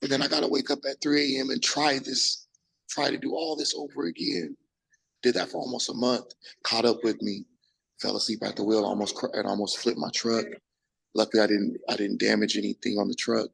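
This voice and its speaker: A young man, a bodybuilder, telling his story in a casual interview, animated and full of restarts, acting out quotes. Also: fairly low pitch, a little fast, low-quality recording. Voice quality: gravelly, husky. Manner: animated, acts out quotes, frequent restarts and profanity.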